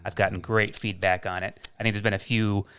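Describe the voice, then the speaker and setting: A man's voice: lowish voice, flat delivery, fast, fairly bright tone, clear, resonant tone, no room sound. A man chatting as a guest on a live stream, easygoing and joking. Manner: mild, joking, easygoing storyteller. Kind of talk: casual chat on a live stream.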